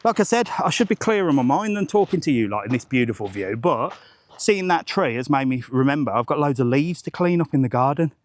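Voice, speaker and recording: A man's voice: mid-range voice, animated, a little fast. A man, chatting rambling and jokey on a live walking vlog outdoors, swearing casually, into a handheld phone. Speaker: travel vlogger.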